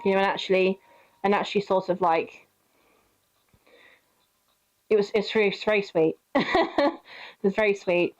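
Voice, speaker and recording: A woman's voice: mid-range voice, fairly even intonation, a little slow, long pauses, muffled recording. A young woman streamer telling a story while playing, chatty, laughing often and swearing freely. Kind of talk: casual storytelling while gaming.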